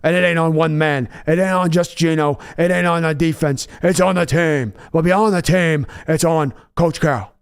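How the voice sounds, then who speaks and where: A man doing a blustery gravelly football pundit. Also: on the high side, steady tone, moderate pace, hardly any pauses, natural voice. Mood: preachy. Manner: preachy, short punchy sentences. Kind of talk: mock sports-panel banter.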